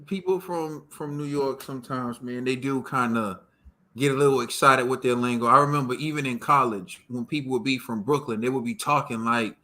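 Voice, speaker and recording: A man's voice: medium pitch, steady tone, brisk, bright, forceful tone. Slangy American podcast host man. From United States. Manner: slangy, teasing, says yo and bro. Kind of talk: casual chat.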